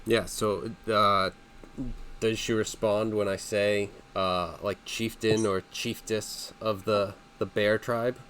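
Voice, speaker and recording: Male tabletop player, slow and hesitant, with a bright, smooth voice. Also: lowish voice, flat delivery, slight background noise. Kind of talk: casual tabletop game chat.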